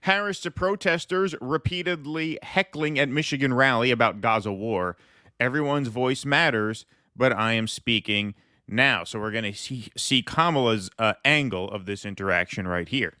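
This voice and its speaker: A man's voice: mid-range voice, normal speed, sharp tone, no room sound, studio quality. A man in his thirties co-hosting a podcast, with sarcastic, mocking political commentary. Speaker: podcast co-host.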